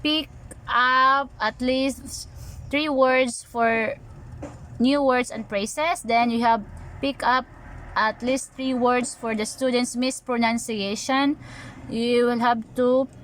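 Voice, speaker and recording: A woman's voice: on the high side, fairly even intonation, a bit bright, a little hiss or hum. A woman with a Filipino accent, an online English teacher, patiently explaining lesson materials and reading example sentences aloud, mixing in Tagalog phrases. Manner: patient, instructive, reads example lines aloud slowly; switches between English and Tagalog. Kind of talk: tutorial walkthrough of lesson materials. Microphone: handheld phone camera.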